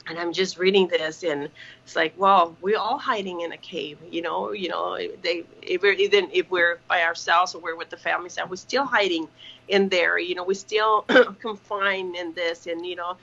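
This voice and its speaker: A woman's voice: lowish voice, steady tone, normal speed, creaky, fairly bright tone. A woman speaking earnestly over a video call from her kitchen, with many fillers and restarts. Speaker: ministry partner. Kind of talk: casual video call chat. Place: home kitchen. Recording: dull lo-fi call audio.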